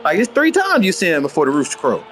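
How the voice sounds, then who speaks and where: A man streaming a football video game, rambling in brash, boastful, profane commentary and trash talk, dropping to low mutters and then jumping into high outbursts. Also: wildly swooping pitch, fast, fairly bright tone. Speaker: gamer streaming gameplay.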